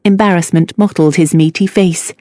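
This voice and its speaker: Low-voiced woman reading a novel. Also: fairly even intonation, moderate pace, dark tone, no room sound, clean studio sound. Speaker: audiobook narrator. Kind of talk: scripted narration.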